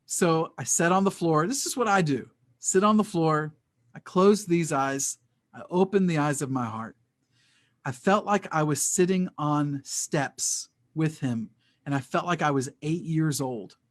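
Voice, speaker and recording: Earnest man with a higher voice. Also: measured pace. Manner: earnest, emotional storytelling with repeated words. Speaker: podcast guest. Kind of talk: personal faith testimony in conversation.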